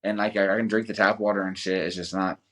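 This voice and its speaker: A young American man who volunteered as a soldier appears as a guest in a casual podcast chat, telling rambling stories heavy with profanity. His voice is fairly low, a bit bright, quick and flat in delivery.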